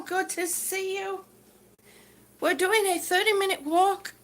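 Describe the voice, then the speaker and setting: A woman livestreaming from home as she walks, greeting viewers warmly by name and slightly out of breath, talking into a phone on a gimbal. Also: very high voice, steady tone, slow, pauses often. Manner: warm, greets viewers by name, calls them sweetie. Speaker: vlogger on a livestream. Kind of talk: chatty live stream while walking. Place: indoors at home. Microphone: phone on a gimbal held while walking.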